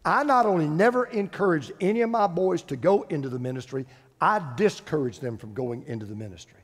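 A man's voice: fairly high pitch, animated, brisk. An older man preaching a sermon as pastor, emphatic, repeating phrases for stress. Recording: long hall reverb.

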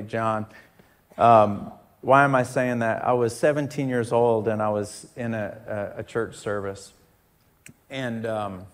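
A man preaching in a church service, telling stories conversationally with emphatic repetitions. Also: fairly low pitch. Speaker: pastor. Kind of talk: sermon.

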